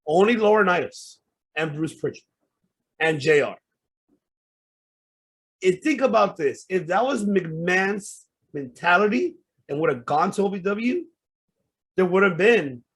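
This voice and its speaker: Husky-voiced man on a heated podcast rant. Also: high-pitched, a bit bright. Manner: heated, profane ranting. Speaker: podcast host.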